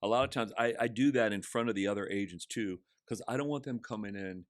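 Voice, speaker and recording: Man, low voice, chatty, storytelling, podcast guest, dry sound. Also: quick pace, no room sound. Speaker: real estate agent, podcast guest. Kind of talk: casual chat.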